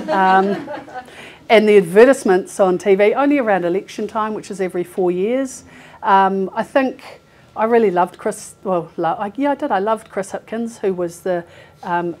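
A woman in her forties with a mid-range, darkish voice works as a healthcare recruiter. She gives a chatty, informal presentation to a live audience in a meeting room, laughing often and using plenty of fillers.

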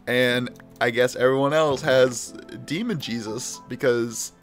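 A man's voice: medium pitch, unhurried, soft background music. A man chatting and laughing with friends on a game voice call, making amused remarks. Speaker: gamer on a voice call. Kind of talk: joking game chat.

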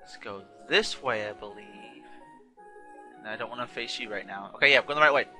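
A man's voice: medium pitch, fairly quick, pushed and bright. A man hosting a casual let's play, chatting and correcting himself as he plays, a bit tired and yawning. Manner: rambling, self-correcting, chatty. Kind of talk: casual gameplay commentary. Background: game music.

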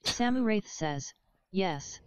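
A synthetic woman's voice reading chat messages aloud in an even, mechanical way. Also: mid-range voice, slow pace, clean tone, dry recording, low-quality recording. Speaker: text-to-speech chat reader.

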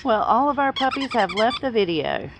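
A woman's voice: fairly high pitch, sing-song, moderate pace, background noise. A woman dog breeder showing her puppies outdoors, cooing baby talk to them and laughing often. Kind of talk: casual puppy showcase. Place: outdoors in a yard.

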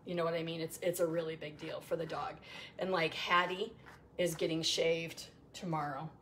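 A woman's voice: sits low, little pitch movement, moderate pace, slight background noise. Chatty middle-aged woman grooming her dog. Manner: rambling, chatty, many ums and restarts; soft cooing asides to the dog. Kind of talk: casual livestream chat while grooming.

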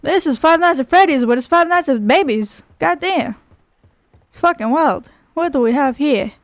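A woman's voice: sits high, lively intonation, normal speed, no echo. A young woman giving casual, profane and sarcastic commentary as she plays a game, with frequent exclamations. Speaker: gaming video host. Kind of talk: casual let's-play commentary.

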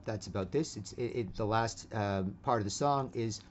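A man's voice: mid-range voice, moderate pace, few pauses, highs cut off. A man giving a casual opinion monologue, rambling with many restarts and constantly tagging his sentences with "right?". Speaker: vlogger.

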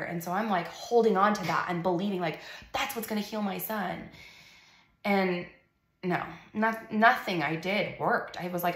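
A woman's voice: medium pitch, normal speed, fairly bright tone, echoey room. A young adult woman tells her family's story in a personal testimony vlog. She talks in an earnest, emotional way, with casual fillers. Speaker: mother sharing her story.

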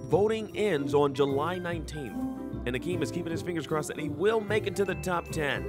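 A man's voice: a little high, animated, fairly quick. A man giving upbeat, announcer-like scripted narration for a vlog. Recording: narration over music.

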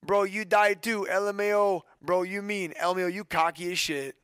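A man's voice: high voice, fairly even intonation, normal speed, fairly bright tone, clean tone, no room sound, studio quality. A man streamer reading out a donation and trash-talking the sender with heavy swearing. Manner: mocking, trash-talking, profane.

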